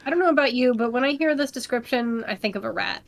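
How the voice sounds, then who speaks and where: High, playful woman co-host. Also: vocal fry. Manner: playful, quick to laugh. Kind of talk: casual group chat.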